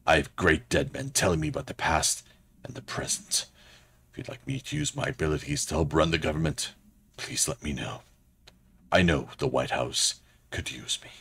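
A man doing an eccentric British letter writer who sounds earnest and overly formal. His pitch rises high and sweeps lively, and he reads with mock solemnity. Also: moderate pace, vocal fry, breathy edge, heavily acted. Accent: put-on British. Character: eccentric man writing of presidential spirit guides.

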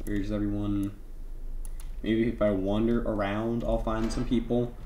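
A young man narrates his gameplay with playful, mock-stern trash talk. He speaks slowly, drawing out his words. The recording has a noticeable room echo, with keyboard typing audible behind him. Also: on the low side, little pitch movement, dark tone, slight background noise. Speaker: gaming YouTuber. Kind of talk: gameplay commentary.

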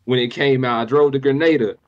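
An animated young man in casual podcast chat, slangy and nostalgic, with a mid-range voice. The audio sounds a little dull and lo-fi. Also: medium pitch, fairly quick. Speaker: podcast co-host.

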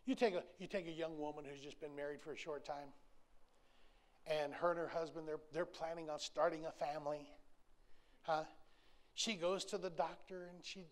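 A man's voice: on the high side, fairly even intonation, moderate pace. A man, preaching a sermon in an emphatic, folksy, repetitive way with touches of humor. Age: 60s. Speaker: pastor.

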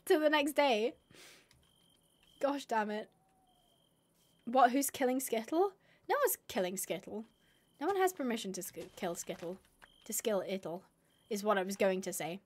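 Young female streamer, high-pitched, excitable, casual live chatter with squealing bursts. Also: moderate pace, pauses often. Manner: excitable, squealing bursts, reads chat aloud.

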